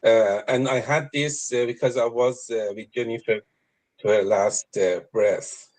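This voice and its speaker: A man asking for a reading about his late wife, speaking haltingly with many fillers. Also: medium pitch, fairly even intonation, darkish tone, rough recording. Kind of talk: hesitant conversation.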